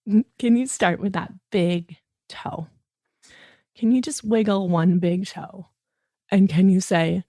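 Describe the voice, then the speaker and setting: A woman hosting a children's bedtime podcast, gently coaxing a child listener through a relaxing wind-down routine. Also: medium pitch, fairly even intonation, slow pace, long pauses, no echo, studio quality.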